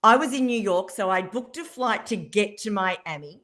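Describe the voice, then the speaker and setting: A woman, a radio guest telling a story in lively fashion, acting out what people said. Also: medium pitch, normal speed. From Australia. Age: 50s. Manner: animated storyteller acting out quotes, laughing.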